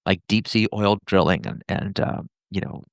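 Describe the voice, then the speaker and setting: Man, interview guest, low gravelly voice, rapid animated storytelling. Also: no room sound. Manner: fast, animated storyteller who acts out quoted dialogue. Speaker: entrepreneur and author, podcast guest. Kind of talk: casual interview talk.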